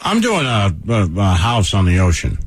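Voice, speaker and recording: A man's voice: fairly low pitch, wildly swooping pitch, moderate pace, husky. A man hosting a radio talk show in casual banter, teasing and needling his co-host.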